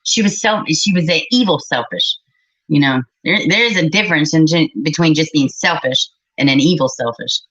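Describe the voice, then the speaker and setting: A woman's voice: low-pitched, normal speed, a bit bright. A middle-aged woman, hosting a livestream and chatting bluntly and with exasperation with her live chat. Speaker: livestream host. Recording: slightly muffled recording.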